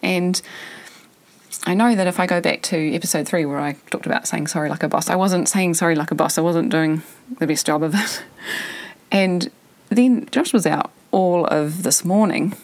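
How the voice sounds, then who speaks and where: A woman's voice: fairly low pitch, moderate pace. A woman in her thirties hosting a podcast, talking frankly and reflectively as she thinks aloud. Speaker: podcast host. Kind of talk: candid personal monologue.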